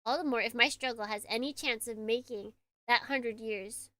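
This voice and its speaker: A woman's voice: a little high, moderate pace, pushed and bright, no echo. A woman voicing a haughty male American officer with a put-on Southern accent, reading game dialogue in a cold, formal, lecturing manner. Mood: solemn.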